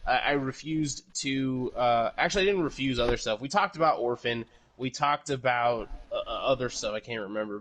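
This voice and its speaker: A man's voice: mid-range voice, a bit bright. A man hosting a casual podcast, rambling and correcting himself, swearing freely. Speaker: podcast host.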